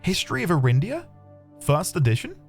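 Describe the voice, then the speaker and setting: A man commentating his own game playthrough, chatty and excitable, talking to his viewers. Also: sits high, brisk. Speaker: game streamer. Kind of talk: let's play commentary. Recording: faint background music.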